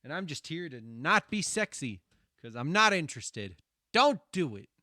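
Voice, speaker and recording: A man streamer giving casual, profane commentary over his own stream highlights, ranting animatedly and laughing often. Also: big pitch swings, normal speed, sharp tone, no echo, clean studio sound.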